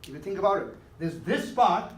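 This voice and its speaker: Brisk and sing-song, a man with a high-sitting voice teaches math, questioning his students and nudging them along to be sure they're with him. The echoey classroom recording is far-off and faintly hissy.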